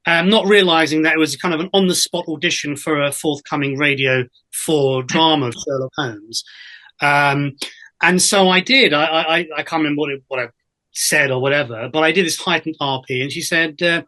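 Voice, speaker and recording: Guy telling theatre stories on a podcast, kinda high bright voice, lots of ums and restarts. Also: moderate pace. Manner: chatty storyteller with many fillers and restarts. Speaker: guest, actor and voiceover artist. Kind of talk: casual interview anecdotes.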